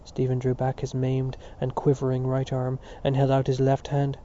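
A man narrating a literary audiobook in a steady, sober reading voice, on a dull lo-fi recording. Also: medium pitch, moderate pace, slight background noise.

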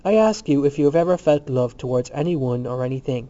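A man voicing a calm, blunt young man who keeps asking his friend questions, read in a slightly raised voice. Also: mid-range voice, brisk, muffled recording, close to an everyday voice. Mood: probing.

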